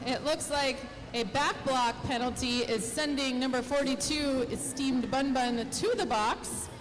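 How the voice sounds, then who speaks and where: A woman co-calling a roller derby bout live, chatty and quick with quips. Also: high-pitched, over music, rough recording. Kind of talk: live sports commentary.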